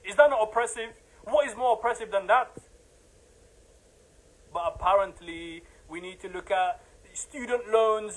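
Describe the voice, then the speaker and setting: A man's voice: high voice, measured pace, pauses often, rough recording. A man giving an impassioned religious lecture, emphatic and repetitive, building to heated outbursts.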